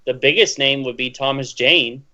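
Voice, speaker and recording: A man's voice: medium pitch, moderate pace, sharp tone. A man chatting eagerly through a horror movie on a commentary stream. He jokes readily and talks with plain enthusiasm. His audio comes through slightly dull and muffled. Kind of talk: casual movie commentary chat.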